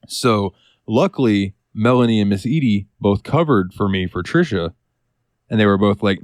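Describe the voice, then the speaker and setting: A man's voice: lowish voice, lively intonation, unhurried, long pauses, no room sound. A man co-hosting a podcast, telling a work story in casual chat, swearing freely and acting out what others said. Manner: storytelling with swearing, acts out quotes. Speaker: podcast co-host.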